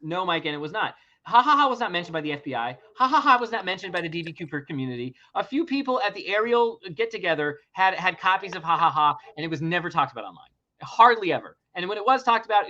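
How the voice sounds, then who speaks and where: A woman co-hosting a podcast in casual chat, animated and sarcastic, swearing freely. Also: lowish voice. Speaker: podcast co-host. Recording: dull lo-fi sound.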